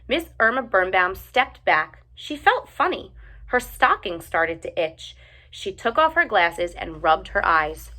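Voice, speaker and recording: Woman, storybook read-aloud, expressive, bright, lively pitch. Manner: expressive, animated narration. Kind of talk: reading a picture book aloud.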